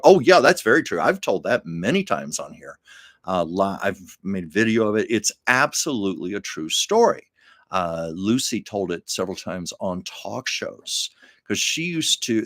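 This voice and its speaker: Older man telling stories, low, dry. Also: no echo. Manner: emotional, earnest storyteller with many restarts. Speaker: live-stream host. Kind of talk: casual storytelling on a live stream.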